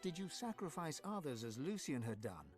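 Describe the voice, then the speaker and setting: A solemn fantasy game narrator. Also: male voice, fairly high pitch, sing-song, faint music behind. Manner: slow, grave questioning.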